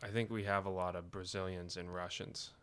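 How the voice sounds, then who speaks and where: A man's voice: deep voice, flat delivery, brisk, fairly bright tone, smooth. A man from Massachusetts, a hockey player guest on a podcast, talking in an easygoing, hesitant way with frequent ums and laughs. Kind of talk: casual podcast chat.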